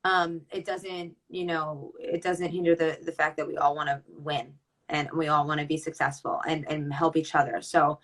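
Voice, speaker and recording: Woman in her twenties, lacrosse player and coach, chatty and upbeat, lowish pitch. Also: level tone, normal speed, a bit bright, rough recording. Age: 20s. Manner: chatty, lots of ums and restarts, upbeat. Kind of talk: casual chat.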